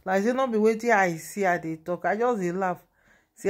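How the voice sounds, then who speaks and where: A woman vlogger speaking Nigerian Pidgin English, chatting in a lively, gossipy way and laughing at the story. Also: mid-range voice, a little fast. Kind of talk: casual gossip vlog.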